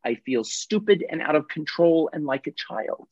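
A man's voice: a little high, lively intonation, normal speed, no room sound, voice pushed up. A man voicing a helpless, scared adult in the victim role, pleading in a small, childlike way over dull, dry video-call audio.

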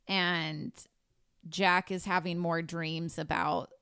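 A woman's voice: on the low side, flat delivery, slow pace, pushed and bright, clear, resonant tone, no echo, clean studio sound. A woman co-hosting a podcast, expressively recapping a book's plot in casual chat. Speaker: podcast co-host. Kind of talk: casual book-discussion chat.

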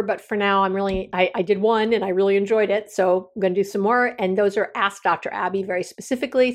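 Nearly in tears, a podcast host speaks in a medium-pitched voice during candid solo talk. She comes across as earnest and heartfelt, wandering through her thoughts with many restarts.

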